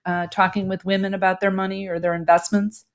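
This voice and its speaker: A woman hosting an interview who asks long, thoughtful questions in a measured way. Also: medium pitch, flat delivery. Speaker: interview host.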